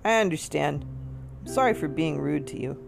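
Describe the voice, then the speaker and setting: A woman reading aloud, voicing a rude, street-tough male raccoon who talks gruff and demanding. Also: low voice, expressive, moderate pace, exaggerated voice. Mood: friendly. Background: soft guitar music.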